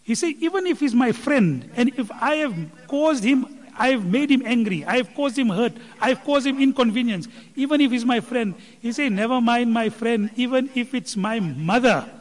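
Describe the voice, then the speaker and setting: Male preacher, very high register, impassioned, reverberant hall. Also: lively intonation, moderate pace. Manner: impassioned, rising in pitch and volume when quoting. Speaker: religious speaker explaining a scholar's teaching. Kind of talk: sermon.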